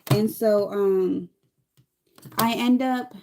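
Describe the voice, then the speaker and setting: A chatty woman in her thirties tells a long, rambling story while she does her makeup, slipping into the voices of the people in it. Her tone is mellow and warm, sitting at an ordinary middle pitch. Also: very slow, creaky, a little hiss or hum. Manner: chatty, rambling, animated quoting. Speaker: vlogger.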